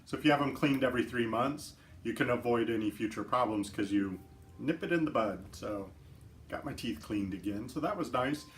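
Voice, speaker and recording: A man's voice: mid-range voice, normal speed, a little hiss or hum. A man hosting a casual live stream, chatting easily, laughing often and greeting viewers by name. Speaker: livestream host. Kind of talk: casual chat.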